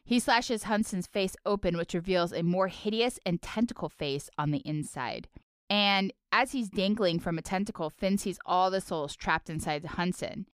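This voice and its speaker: A woman's voice: fairly low pitch, moderate pace, clear, resonant tone, no room sound, studio quality. A woman co-hosting a podcast, casually recapping a cartoon episode and playfully acting out character lines. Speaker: podcast co-host.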